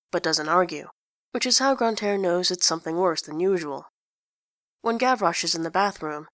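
A woman reading fiction aloud in an even, plain storytelling manner. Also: lowish voice, no room sound, studio quality. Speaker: narrator.

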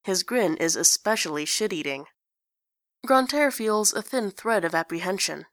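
A woman reading fiction aloud in an even, plain storytelling manner. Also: mid-range voice, moderate pace, no echo, clean studio sound. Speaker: narrator.

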